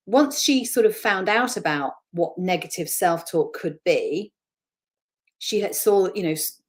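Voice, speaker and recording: A woman's voice: lowish voice, measured pace. A woman from the north of England with a Northern English accent, a motivational speaker talking in an interview and acting out voices as she explains. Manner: animated, acts out voices of self-talk. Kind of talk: webinar interview talk.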